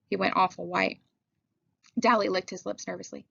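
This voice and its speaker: A woman narrates a novel in first person with a steady, measured delivery. Her mid-pitched voice has a slightly gravelly texture. The recording is dry and a little dull in tone. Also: no room sound. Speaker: audiobook reader.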